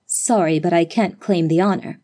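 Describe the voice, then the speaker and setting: A woman's voice: on the low side, warm tone, natural voice. A woman reading a shaken, breathless young man. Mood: wry. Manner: breathless, shaky, quick sliding inflection. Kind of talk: audiobook character voice.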